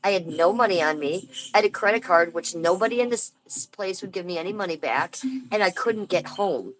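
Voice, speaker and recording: A woman's voice: fairly low pitch, expressive, a little fast, rough recording. A woman chatting casually to viewers on a livestream from home over a phone, rambling through a complaint and greeting people by name. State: aching tooth. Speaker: livestream host.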